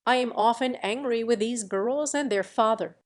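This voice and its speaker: A woman's voice: on the high side, normal speed, close to an everyday voice. A woman reading the part of an impulsive older noblewoman and mother, abrupt and commanding in manner. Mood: brusque.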